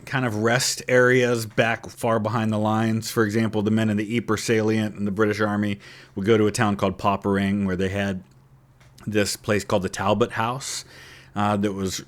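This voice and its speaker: Low-voiced man adding casual commentary. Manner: relaxed, with fillers. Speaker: reaction video host.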